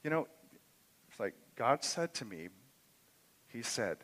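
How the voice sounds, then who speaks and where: A man's voice: medium pitch, very animated, takes it slowly, fairly bright tone, poor audio. A middle-aged man preaching a sermon in a church, telling a personal story and building to impassioned emphasis. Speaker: pastor. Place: church sanctuary.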